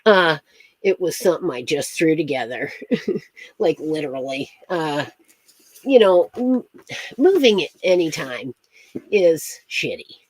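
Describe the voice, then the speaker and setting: A woman's voice: low-pitched, animated, measured pace, long pauses, no room sound. A woman chatting casually on a livestream, rambling from story to story, laughing often and greeting viewers by name. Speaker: astrology streamer.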